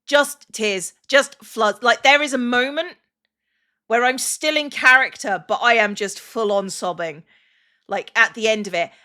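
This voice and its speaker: Bright, chatty woman streamer. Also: a little high, unhurried. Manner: chatty and emotional, with many restarts and "like" fillers. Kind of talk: casual chat on a livestream.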